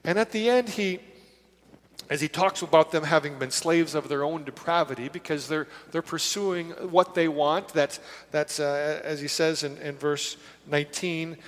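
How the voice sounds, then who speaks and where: A man's voice: a little high, normal speed. A man preaching a conversational sermon, retelling scripture in a casual way and briefly acting out its characters. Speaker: pastor. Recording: long reverb of a large hall.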